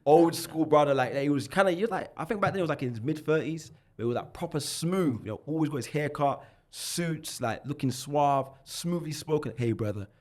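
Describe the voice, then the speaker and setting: A man in his twenties with a London accent, a podcast guest telling his life story in animated, slang-heavy talk, often restarting and repeating words. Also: on the high side, brisk, few pauses. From London, England. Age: 20s.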